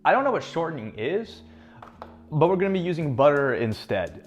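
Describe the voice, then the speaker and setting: A man's voice: fairly high pitch, big pitch swings, moderate pace, muffled recording, faint music behind. A young man hosting a casual cooking vlog from his home kitchen, rambling and cracking self-mocking jokes as he works. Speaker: home cook vlogger.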